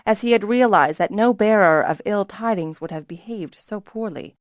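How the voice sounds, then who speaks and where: In a dry, clean studio recording, a woman narrates a fantasy audiobook from a script, lifting pitch and volume when speaking the characters' lines.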